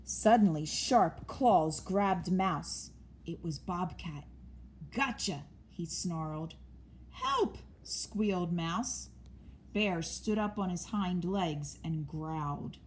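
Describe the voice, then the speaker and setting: A woman reading a children's story aloud in a gentle, expressive way. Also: lowish voice, takes it slowly, slight background noise.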